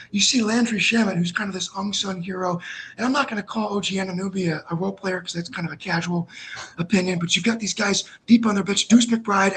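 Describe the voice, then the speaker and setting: A man's voice: sits high, a bit bright. A man from Minnesota ranting profanely and passionately in a casual sports podcast chat, calling in on his phone. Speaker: podcast co-host. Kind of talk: casual sports talk rant.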